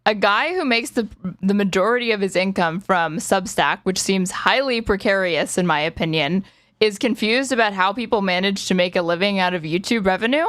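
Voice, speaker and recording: A woman's voice: medium pitch, normal speed, a bit bright, dry recording, studio quality. A young woman streaming casual commentary, sarcastic and often laughing.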